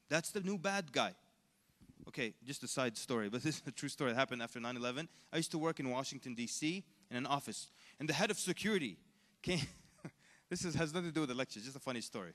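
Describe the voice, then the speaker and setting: Animated male lecturer in an echoey hall. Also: fairly high pitch. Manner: animated, conversational, quizzes the audience. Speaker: Islamic lecturer. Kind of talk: convention lecture. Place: large convention hall.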